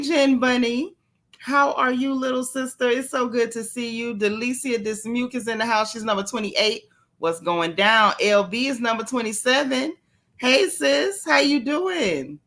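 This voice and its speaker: A woman's voice: on the high side, a bit bright. Chatty woman hosting a livestream. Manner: chatty, greets viewers by name; playful and familiar. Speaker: livestream host. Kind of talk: casual livestream chat.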